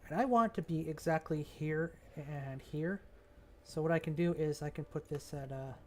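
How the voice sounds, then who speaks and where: A man's voice: a little high, moderate pace, a little mellow. Man muttering while building a game map. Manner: mutters and thinks aloud, trailing off. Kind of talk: casual commentary while working.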